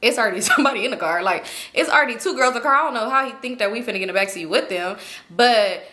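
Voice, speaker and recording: A young woman vlogger telling a story to her viewers in an animated, slangy, profane way. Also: on the high side, racing. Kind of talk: storytime vlog.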